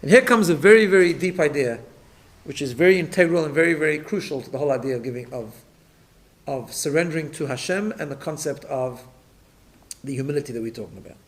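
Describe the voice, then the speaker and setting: Rabbi giving a Torah class, fairly high voice, explains patiently, repeats words on restarts. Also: male voice, quick pace. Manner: explanatory, checks in with listeners. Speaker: rabbi teaching a weekly class.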